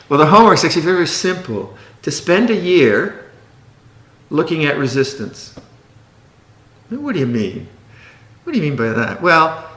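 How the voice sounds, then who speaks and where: A man's voice: mid-range voice, fairly bright tone, reverberant. A man teaching meditation in a dharma talk, playful and often laughing, sometimes mimicking fussy meditators.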